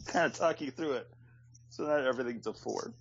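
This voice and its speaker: A man's voice: mid-range voice, moderate pace, vocal fry, highs cut off, a little hiss or hum. A man co-hosting a podcast, joking and teasing the others. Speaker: podcast co-host. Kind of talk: casual podcast chat.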